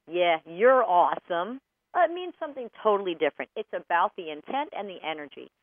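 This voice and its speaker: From a broadcast studio, a woman hosts a radio talk show offering dog training advice, speaking straight to listeners in an animated, emphatic way. Her voice is fairly low, with no room sound, and the audio has a phone-like quality.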